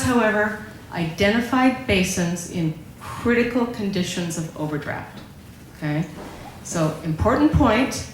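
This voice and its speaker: A woman giving a prepared public talk, explaining a ballot measure and often checking in with her listeners. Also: fairly low pitch. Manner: explanatory, keeps checking in with "okay?". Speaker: local speaker presenting on a ballot measure. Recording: very echoey room with faint background noise.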